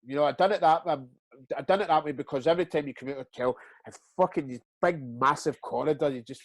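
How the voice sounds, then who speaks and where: A middle-aged Scottish man with a fairly high voice tells stories in a relaxed interview, cursing freely and acting out the people in them. The sound is dry and close, with no room around it. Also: fast, dry recording. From Scotland. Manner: animated, swears freely, acts out quotes. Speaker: guest, retired footballer. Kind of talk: casual storytelling interview.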